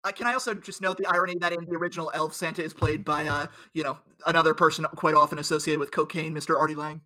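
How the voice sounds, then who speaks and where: A man co-hosting a comedy podcast, laying out his reasoning in a measured, analytical way with fillers. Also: fairly high pitch, fairly even intonation, bright, forceful tone. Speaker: podcast co-host. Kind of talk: casual comedic chat.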